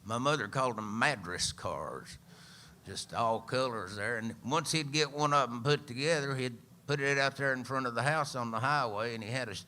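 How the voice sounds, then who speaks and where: Older east tennessee guy telling a folksy story live, bright voice, dry jokes, little bit of hiss. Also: mid-range voice. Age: 70s. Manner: folksy, unhurried, dry humor. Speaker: singer-songwriter and storyteller.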